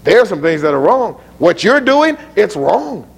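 A man preaching a sermon, citing scripture chapter and verse, dropping to low asides and rising to near-shouted peaks. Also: sing-song, normal speed, gravelly, slightly rough.

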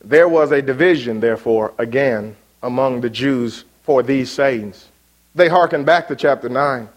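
A man preaching an evening sermon, rising sharply when quoting and dropping soft and low for his appeals. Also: a little slow. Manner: emphatic, rises sharply on quoted words, drops low for appeals.

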